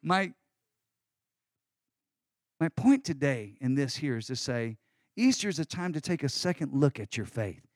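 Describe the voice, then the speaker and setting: A middle-aged male pastor preaching an Easter sermon in a lively, conversational way with folksy asides. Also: medium pitch, unhurried, pauses often, no room sound, studio quality.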